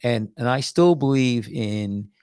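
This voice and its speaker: A man's voice: medium pitch, measured pace, clear, resonant tone, no room sound, clean studio sound. A man hosting a casual podcast as a doctor, rambling and restarting his words as he talks. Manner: tells stories with animated quoted voices.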